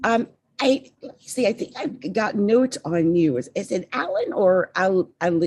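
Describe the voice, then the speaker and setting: A woman's voice: medium pitch, expressive, measured pace, darkish tone, slightly rough. A woman hosting a podcast interview, chatting casually with guests and stumbling a little over names. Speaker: podcast host.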